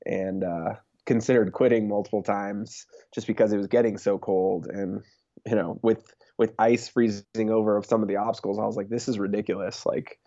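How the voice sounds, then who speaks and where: A man's voice: fairly low pitch, flat delivery, moderate pace, warm tone, no room sound, lo-fi sound. A young man, a race champion, talking casually in an interview and leaning on fillers like "like" and "you know". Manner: laid-back, many fillers like "like" and "you know".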